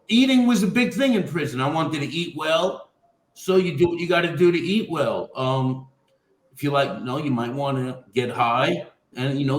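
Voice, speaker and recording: A man calmly giving a matter-of-fact account in a panel discussion. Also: a little high, roomy sound, low-quality recording. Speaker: formerly incarcerated panel guest.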